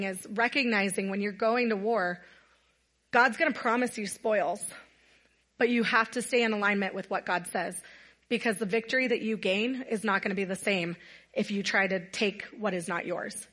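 A woman's voice: mid-range voice, normal speed, fairly bright tone. A woman giving a casual, earnest sermon to a gathered audience, telling a Bible story conversationally. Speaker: women's night speaker.

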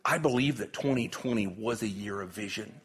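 A man who is a pastor, praying and preaching to his church in a folksy, joking way, with halting restarts. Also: lowish voice, breathy edge. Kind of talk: sermon with prayer and jokes.

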